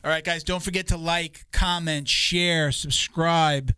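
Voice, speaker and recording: Relaxed man hosting a podcast, smooth voice. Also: on the high side, a little slow, dry recording. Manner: easygoing, reads sponsor copy with fillers. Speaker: podcast host. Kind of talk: casual podcast chat and sponsor reads.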